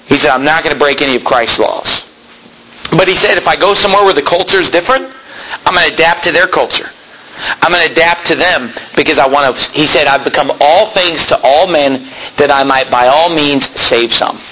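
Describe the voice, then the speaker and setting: A man's voice: on the high side, brisk, bright, forceful tone, slight background noise, low-quality recording. A man preaching a sermon in a conversational storytelling way, with many fillers and acted-out quotes. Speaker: pastor.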